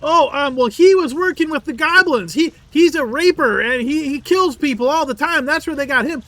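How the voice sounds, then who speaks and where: A man's voice: very high-pitched, lively intonation, moderate pace, bright, forceful tone, voice pushed up, heavily acted. A game master voicing a flustered, boastful male elf bard who is held captive, chattering and stammering in a theatrical way. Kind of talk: tabletop role-play voice acting.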